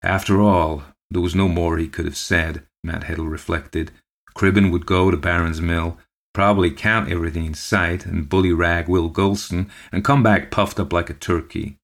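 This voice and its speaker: For his podcast, a man with a deep, low voice reads a ghost story aloud, carrying the narration line by line in a measured, steady delivery.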